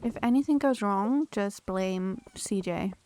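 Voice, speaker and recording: A woman's voice: medium pitch, unhurried, dark tone, slight background noise. A young woman streaming a game, chatting casually and thanking viewers by name as she plays. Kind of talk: casual live-stream chat.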